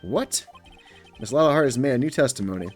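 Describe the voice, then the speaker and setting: A man's voice: medium pitch, expressive, a little fast, soft background music, natural voice. A man voicing a timid older judge who speaks in a formal, hesitant way.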